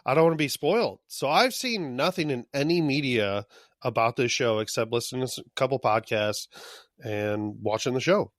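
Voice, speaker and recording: A man's voice: medium pitch, animated, normal speed, dry recording, clean studio sound. A man co-hosting a podcast in casual chat, loose and profane, often laughing. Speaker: podcast co-host.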